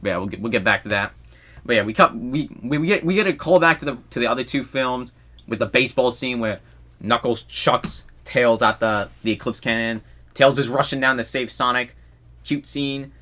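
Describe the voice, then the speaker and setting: A young man hosting a podcast, chatting casually about a movie he saw, excitable and quick to laugh. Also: mid-range voice. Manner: excitable, laughs often, acts out movie lines. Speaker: podcast host. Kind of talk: casual movie review chat.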